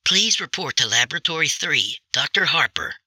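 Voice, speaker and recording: A man's voice: a little high, animated, moderate pace, sharp tone, dry recording, pitched above the performer's own voice, full character voice. A man voicing an impatient woman calling a doctor over a building's intercom. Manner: clipped, impatient announcements. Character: curt female intercom announcer.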